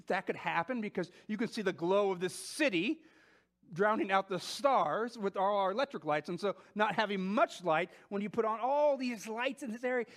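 High-voiced man preaching a sermon. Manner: animated, with quoted scripture spoken slowly; conversational with fillers and restarts. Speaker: pastor.

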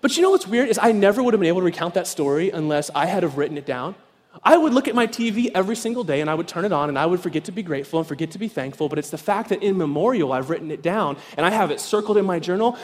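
High-voiced guy pastor telling a story, gets loud and animated, big echoey church hall. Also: very fast. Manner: animated, acts out voices, shouts with excitement. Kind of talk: evening sermon with storytelling. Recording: long reverb in a large hall.

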